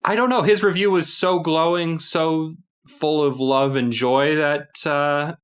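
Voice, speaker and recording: Dude cohosting a film podcast, dry wry jokes, medium pitch. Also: male voice, fairly bright tone. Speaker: podcast co-host. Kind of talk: casual film discussion.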